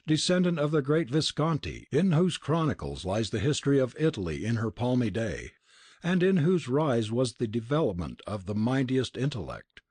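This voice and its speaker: A man voicing a grave, prophetic sage from the East with a deep, sweet, foreign-accented voice and solemn archaic speech. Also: a little mellow, slightly rough, no echo. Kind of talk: audiobook character reading.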